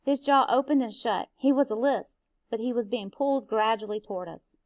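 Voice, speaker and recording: A woman, a teacher, reading a novel aloud in a steady, expressive way. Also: on the high side, moderate pace, no echo.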